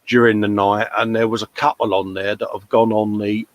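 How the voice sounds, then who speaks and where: A man's voice: on the low side, little pitch movement, normal speed. A British man with an English accent, hosting a casual livestream chat, reading out viewer comments and calling people mate. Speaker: livestream host.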